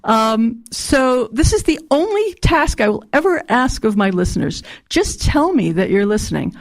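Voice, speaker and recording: A woman hosting a community radio program, earnestly asking listeners to get in touch and spelling out contact details slowly and deliberately. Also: on the high side, very animated. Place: radio studio.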